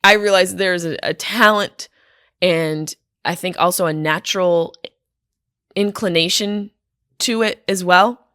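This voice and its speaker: A woman comedian telling casual stories on a podcast, animated, profane and self-deprecating, from a hotel room. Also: on the low side, unhurried, clean tone, no room sound, clean studio sound. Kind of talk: casual storytelling monologue.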